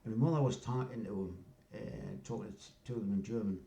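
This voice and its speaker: A man's voice: fairly low pitch, fairly quick, mellow. An older man, rambling through a casual story and often asking "you know what I mean". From North East England. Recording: roomy echo.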